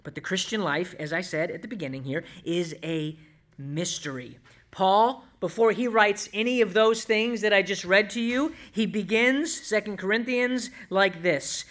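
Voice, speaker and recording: A man preaching a sermon, slowing down to stress scripture and dropping into quick asides to the congregation. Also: high-pitched, a bit bright. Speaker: pastor.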